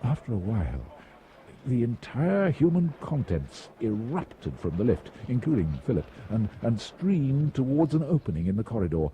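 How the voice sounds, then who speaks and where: A man's voice: mid-range voice, sing-song, moderate pace, dark tone, a little hiss or hum. A man reading a travel story aloud in a wry manner, with frequent small restarts, on a dull lo-fi recording.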